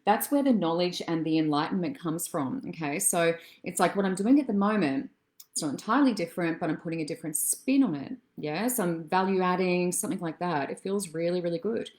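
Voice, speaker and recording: A woman as a psychic medium doing a live-stream reading. She chats with viewers, calls them darling and love, and wanders through her thoughts with soft fillers. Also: on the low side, a little fast. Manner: chatty and meandering, many soft fillers.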